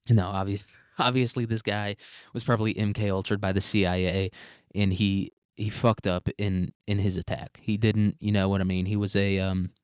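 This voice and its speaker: A man's voice: fairly low pitch, flat delivery, moderate pace, smooth, dry recording, studio quality. A man hosting a solo commentary podcast, rambling, sarcastic and heavy on swearing. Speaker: podcast host.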